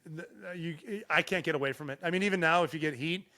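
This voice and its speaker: Fast-talking, profane man telling stories. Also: fairly high pitch. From Montana. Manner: profane, animated storyteller. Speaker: podcast guest. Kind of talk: casual storytelling.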